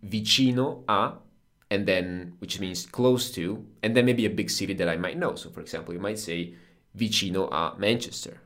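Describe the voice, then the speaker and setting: A man's voice: low voice, a little fast, a bit bright. A man with an Italian accent, a native Italian speaker, patiently explaining Italian grammar as the teacher of a conversational lesson.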